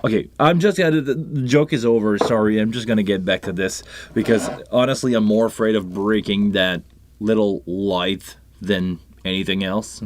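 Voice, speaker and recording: A man with a French Canadian accent and a voice on the low side hosts a casual live stream about sound gear. He chats in a rambling way with many restarts and asides, speaking into a live microphone on a console setup.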